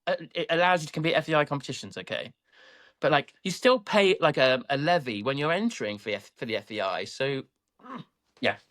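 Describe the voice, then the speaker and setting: Man, British, podcast co-host, casual rant, lively pitch, dry sound. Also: quick pace, no room sound. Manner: ranting, animated.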